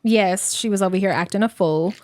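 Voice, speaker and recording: A woman's voice: medium pitch, brisk, no echo, studio quality. A woman co-hosting a podcast in casual chat, telling stories full of fillers and swearing. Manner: chatty storytelling, lots of fillers and swearing. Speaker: podcast co-host.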